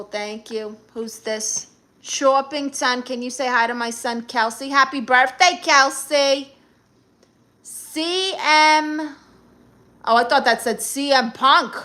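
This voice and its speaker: A woman's voice: a little high, fairly bright tone. A woman with a Brooklyn accent hosting a live stream, reading viewer comments aloud and answering them in a sassy, brash way. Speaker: livestream host.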